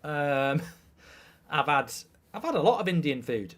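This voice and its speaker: A man's voice: a little high, very animated, measured pace, a bit bright. Crude joking watchalong host, man. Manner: crude, joking, reads out viewer messages and scores. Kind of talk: live football watchalong chat.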